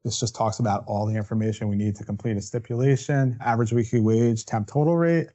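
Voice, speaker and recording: A man's voice: on the low side, little pitch movement, fast, dark tone. A man presenting a legal webinar as a defense attorney. He walks through the steps one by one and checks in with asides like "right?". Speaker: workers' compensation defense attorney.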